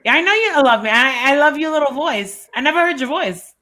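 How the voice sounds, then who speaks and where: A woman on a live stream speaks with a high, bright voice. She rants bluntly and swears freely in heated casual chat. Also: lively intonation, brisk. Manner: blunt, profane, ranting.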